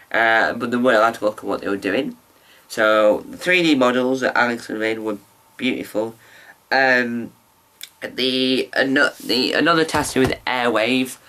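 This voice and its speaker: Male vlogger, bright tone, loose chatty delivery full of restarts, on-camera mic. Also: mid-range voice. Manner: rambling, chatty, many restarts and ums. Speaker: vlogger reviewing a TV show. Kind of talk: casual review vlog.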